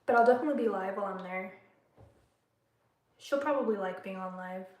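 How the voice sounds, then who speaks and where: Chatting and laughing often with her viewers, a young adult woman responds to comments on a relaxed livestream during her bedtime routine at home. She speaks briskly at a medium pitch, and the phone-captured sound bounces around an echoey room.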